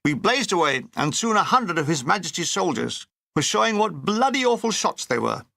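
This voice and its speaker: A man's voice: high voice, sing-song, moderate pace, vocal fry, bright, forceful tone, no room sound. A man reading a wartime memoir aloud in a dry, wry comic manner. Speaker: narrator.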